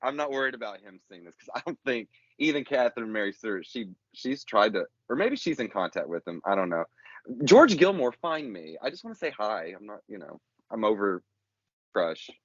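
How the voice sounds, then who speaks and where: A man with a lowish voice talks in a loose, rambling way, joking fondly about a film. The recording sounds dull and lo-fi, with a dry and close sound. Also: expressive, fairly quick, fairly bright tone, dry recording. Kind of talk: casual chat.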